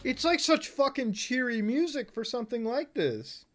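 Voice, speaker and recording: A woman's voice: on the high side, expressive, moderate pace, soft background music. A woman streamer giving profane reaction commentary on a live stream, exclaiming and shrieking in disbelief.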